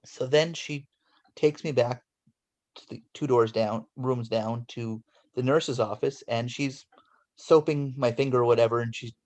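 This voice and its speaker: Unhurried and medium in pitch, a guest from Los Angeles in his forties recounts a childhood tale with animation, performing each character's voice.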